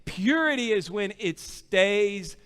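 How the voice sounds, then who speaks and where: Male pastor, 30s, high crisp voice, lively story-driven sermon, big reverberant hall. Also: slow pace. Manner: animated storytelling, acting out quotes, rising to shouts. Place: church hall.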